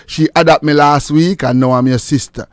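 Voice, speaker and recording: Jamaican guy hosting call-in radio, kinda high voice, joking with callers. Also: a little fast. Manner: playful, animated, laughing and joking with callers. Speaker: radio show host.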